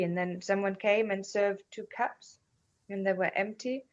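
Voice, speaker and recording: A woman's voice: mid-range voice, level tone. Thoughtful woman, muffled audio. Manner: thoughtful, halting, repeats words while searching for phrasing. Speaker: interview guest. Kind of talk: reflective conversation, telling a parable.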